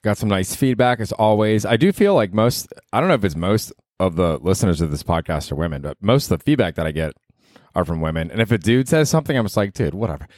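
A man's voice: fairly low pitch, expressive, fast, darkish tone, no room sound, studio quality. A man hosting a solo comedy podcast, rambling in a casual, profane and self-mocking way. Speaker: podcast host and stand-up comedian.

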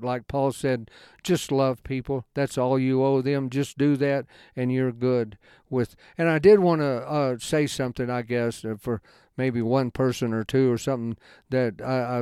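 A man giving an informal Bible study talk in a folksy, rambling way, halting often and restarting his sentences. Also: mid-range voice, a little mellow, clean tone, no echo, clean studio sound. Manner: folksy, conversational storytelling. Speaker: Bible teacher.

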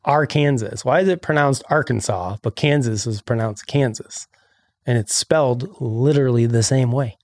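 A man from Illinois hosts a casual podcast, reading news items aloud and breaking off into sarcastic rants. His voice has a gravelly edge and sits at an ordinary pitch. The sound is dry and close, with no room around it. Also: moderate pace, a little mellow, dry recording. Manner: sarcastic, ranting. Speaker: podcast host.

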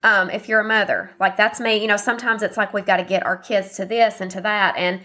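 A woman's voice: medium pitch, steady tone, brisk, sharp tone. Folksy woman podcaster, allergy-scratchy. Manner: chatty, folksy, encouraging. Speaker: podcast host. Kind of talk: casual solo podcast chat.

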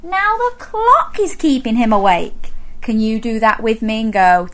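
A woman's voice: a little high, moderate pace. Sing-song woman reading to kids. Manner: animated, sing-song, coaxing kids to join in. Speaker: children's storyteller. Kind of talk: reading a picture book aloud to children.

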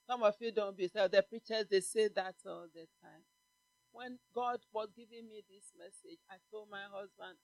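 A woman pastor preaching a fervent sermon, building to shouted peaks and repeating her lines. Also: fairly high pitch, normal speed, dry recording.

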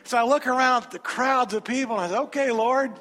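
A man preaching a sermon in a large church sanctuary, telling a personal story with animated energy and then moving into an emphatic altar call. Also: extremely high pitch, quick pace. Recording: reverberant sanctuary with faint music.

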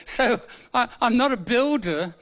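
A man's voice: very high-pitched, lively intonation, unhurried, a bit bright. A seventy-five-year-old man from England giving a humorous, conversational sermon in church, repeating words for emphasis. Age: 70s. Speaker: preacher.

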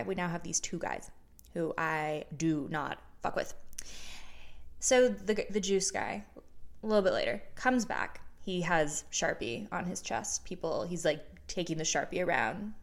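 A woman's voice: fairly low pitch, expressive, unhurried. A young woman in her twenties telling a personal story to her viewers in a casual, candid way, swearing freely and restarting her sentences as she goes. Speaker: vlogger.

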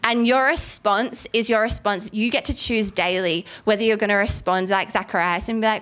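A woman preaching a casual, animated sermon, reading scripture aloud and acting out the biblical figures in quick asides. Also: medium pitch, clear, resonant tone. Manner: animated, acts out biblical voices.

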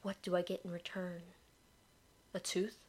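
A woman's voice: on the low side, flat delivery, unhurried, darkish tone, slightly rough. A woman voicing a nervous young man who speaks tensely and shakily, sometimes in a whisper.

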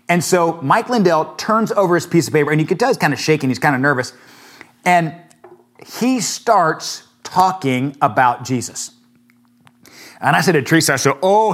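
A man preaching a sermon with fervent, emphatic peaks, falling into relaxed conversational storytelling between them. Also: fairly high pitch. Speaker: pastor.

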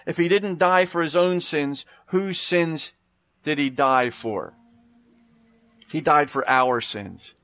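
A man preaching a sermon outdoors, reading scripture with slow, rising emphasis. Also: fairly high pitch, a bit bright, dry recording. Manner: emphatic, slows and rises to stress scripture.

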